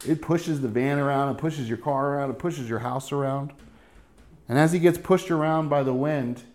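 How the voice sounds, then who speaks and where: A man's voice: medium pitch, darkish tone. A middle-aged man preaching a sermon as pastor, in a casual, joking way, often checking in with "right?".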